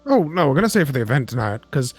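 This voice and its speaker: Man, tabletop player, mid pitch, casual, faint music. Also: big pitch swings, racing, breathy edge. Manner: planning aloud, casual. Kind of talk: casual chat during a tabletop game.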